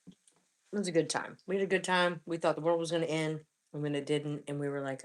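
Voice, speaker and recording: A woman in her forties chats casually on a live cooking stream, her voice sitting a little low for a woman. She talks in a relaxed, rambling way and hums contentedly between bites. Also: brisk. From Florida. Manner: relaxed, chatty, hums with food between remarks. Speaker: livestream host cooking and eating. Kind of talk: casual live chat while eating.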